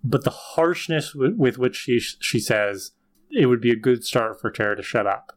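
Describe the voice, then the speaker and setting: A man's voice: mid-range voice, lively intonation, normal speed. A man co-hosting a podcast, recapping scenes in casual chat, thoughtful and hedging, with the odd sigh. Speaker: podcast co-host.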